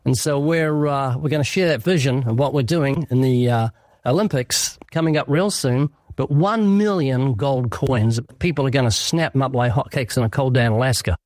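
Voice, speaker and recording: A man talking fast as a guest on a radio interview, telling stories. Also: mid-range voice, darkish tone, no room sound.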